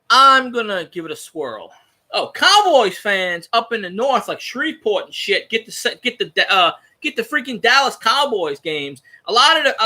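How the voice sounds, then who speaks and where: Animated, bright-voiced man in casual sports chat. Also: sits high. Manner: rambling, profane, animated fan talk. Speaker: podcast host.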